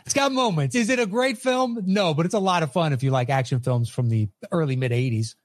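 A man's voice: fairly high pitch, fairly quick, no room sound. A man co-hosting a casual movie chat, recapping plots in a rambling way with filler words. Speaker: podcast co-host.

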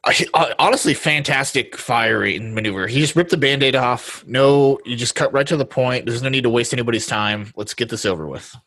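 A man's voice: medium pitch, a little fast, hardly any pauses, a bit bright. A man hosting a podcast, chatting casually in an easygoing way and laughing often. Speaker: podcast host. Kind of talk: casual chat.

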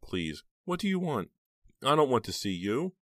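A frightened teenage girl pleads and snaps in a strained, lifted voice, as a deep-voiced man puts her on. The sound is dry and close. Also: very animated, normal speed, a bit bright, dry recording. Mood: pleading. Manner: tense, raised voice.

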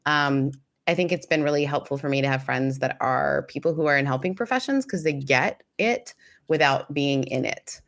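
Reflective female co-host with a low voice, measured and advice-giving. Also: fairly bright tone. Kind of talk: casual chat.

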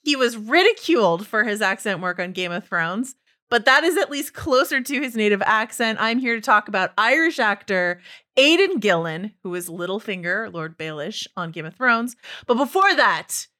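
An American woman co-hosting a casual podcast debate, lively and enthusiastic. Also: mid-range voice, normal speed. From United States. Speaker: podcast co-host.

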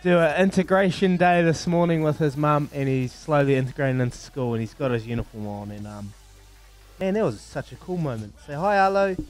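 Kiwi guy hosting breakfast radio, bit higher voice, laughy and matey, studio mic. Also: fairly quick. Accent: New Zealand. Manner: chatty, laughs often, matey slang. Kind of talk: casual radio chat. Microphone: studio microphone.

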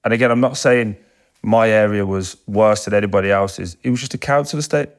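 Low-voiced man telling stories. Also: a little fast. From England. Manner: animated storyteller, swears freely, acts out voices in quotes. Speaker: guest, football captain. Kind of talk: casual storytelling interview.

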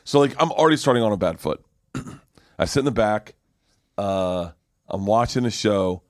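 A middle-aged man, a comedian guest, telling a story in casual, profane, animated chat. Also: on the low side, normal speed, no room sound, clean studio sound. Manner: profane, animated, acts out quotes.

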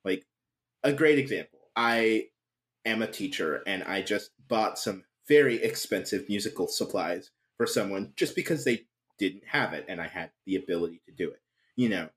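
Young male podcast guest, frank and animated, voice jumping around in pitch. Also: normal speed. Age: young adult. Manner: animated, frank, swears freely. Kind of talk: casual chat.

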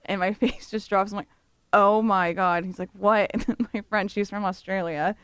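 A woman's voice: mid-range voice, steady tone, normal speed, a bit bright, smooth, dry recording, studio quality. A woman on a radio show telling a story in casual chat, giggling often.

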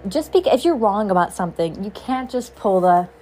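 A woman's voice: medium pitch, expressive, brisk, warm tone, a little hiss or hum. A young woman hosting a podcast, talking in a frustrated, heated casual monologue. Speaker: podcast host.

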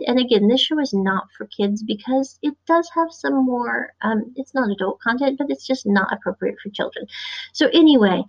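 A woman from the US Midwest, rambling chattily through a casual recap of a show's episode. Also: a little high. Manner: rambling, chatty, acts out quotes. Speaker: show reviewer. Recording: dull lo-fi recording.

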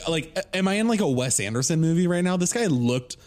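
A man's voice: fairly high pitch, fairly quick. A man co-hosting a podcast, telling a story in a loose, chatty way full of "like" and laughter. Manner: animated, laughing storyteller with many "like"s. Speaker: podcast co-host. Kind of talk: casual storytelling chat.

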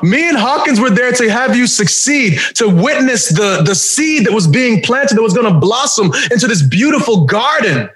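Really high-voiced guy hosting a chat, loud and excitable, bouncy delivery, echoey room. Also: moderate pace, hardly any pauses. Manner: excitable, loud, laughing, rambling. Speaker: podcast host. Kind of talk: casual chat. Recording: roomy echo.

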